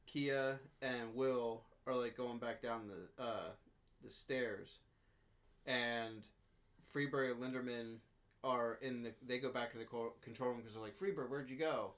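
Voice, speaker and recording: A man's voice: mid-range voice, steady tone, a little slow, a bit bright. A man casually recapping a horror movie on a podcast, rambling and laughing often, jumping into raised voices to quote characters. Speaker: podcast co-host.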